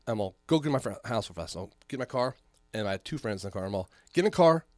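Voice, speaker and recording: A man's voice: on the low side, fast, no room sound. A man telling a long story in casual chat as a podcast co-host, swearing often and acting out the voices of the people in it. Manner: animated storyteller, heavy swearing, acts out voices.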